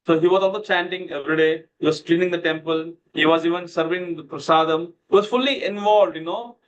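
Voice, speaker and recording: A man's voice: fairly high pitch, brisk, dull audio. A man teaching a devotional scripture class over a video call, telling a story loosely with lots of "you know" fillers. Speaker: Bhagavad Gita class teacher.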